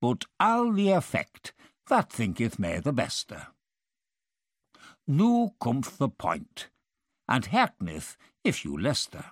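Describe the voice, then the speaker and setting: Slow, lilting man reading old verse. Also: medium pitch, huge pitch swings, dry recording, studio quality. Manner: measured, rhythmic verse recitation. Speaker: reader. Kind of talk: reading medieval verse aloud.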